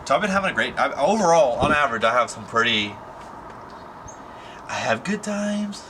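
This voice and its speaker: Here the young vlogger chats to his camera at a normal pace, his mid-range voice meandering through fillers and slang. A constant background noise stays underneath.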